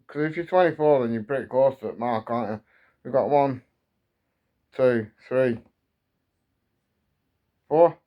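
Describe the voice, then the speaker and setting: A man's voice: mid-range voice, highs cut off. A man in his thirties from England, an angry football fan ranting on his channel, repeating himself as his frustration builds. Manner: heated, repetitive, building frustration. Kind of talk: angry fan rant to camera.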